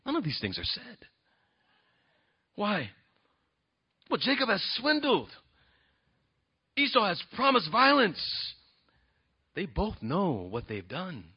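A man preaching a sermon as pastor, earnest, moving between quiet and emphatic delivery. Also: high-pitched, huge pitch swings, takes it slowly, long pauses, breathy edge. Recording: dull lo-fi sound.

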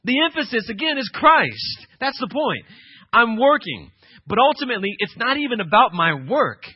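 A male pastor preaching an emphatic sermon, swinging from quiet passages to loud, insistent ones. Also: extremely high pitch, sing-song, normal speed, breathy edge, no room sound, muffled recording.

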